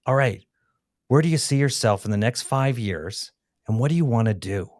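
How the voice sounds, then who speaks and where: A man's voice: mid-range voice, lively intonation, moderate pace, darkish tone, no room sound. A man hosting a podcast, asking long, rambling questions and teasing his guest. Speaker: podcast host. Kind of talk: casual interview questions. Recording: dry close sound.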